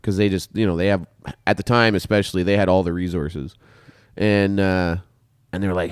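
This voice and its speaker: A man's voice: deep voice, fairly even intonation, brisk, clean tone, no room sound, studio quality. A Canadian man hosting a podcast, telling rambling, profane stories in casual chat, drifting into asides. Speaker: podcast host.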